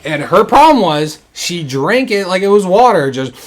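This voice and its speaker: A man's voice: high-pitched, very animated, normal speed. A man hosting a podcast who tells a story in a rambling way and swears often. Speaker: podcast host. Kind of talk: casual storytelling chat.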